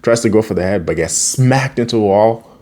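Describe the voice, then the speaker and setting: A man's voice: fairly low pitch, fairly quick, mellow. A young man casually recapping a cartoon episode, rambling, laughing often and swearing now and then.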